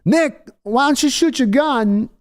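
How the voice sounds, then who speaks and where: A man putting on a high, strained impression of a panicked man trapped by a bear. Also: unhurried. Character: panicked Walken-style man cornered by a bear.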